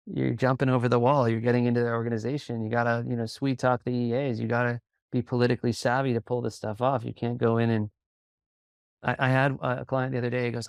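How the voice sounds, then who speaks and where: A man who coaches in sales, a guest on a podcast, talking calmly and steadily as he tells stories. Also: mid-range voice, vocal fry, smooth, no room sound, studio quality. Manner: calm, even delivery with quick bursts of storytelling. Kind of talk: conversational interview.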